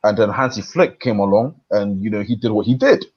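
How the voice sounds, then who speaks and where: A man co-hosting a football stream, talking through his views in a thoughtful, halting way with many fillers. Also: on the low side, husky, lo-fi sound. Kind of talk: casual football analysis.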